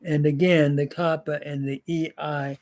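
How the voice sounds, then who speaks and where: An older man teaching a grammar lesson, drilling word forms slowly with pauses and fillers. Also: fairly high pitch, little pitch movement, a little mellow. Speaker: Greek teacher.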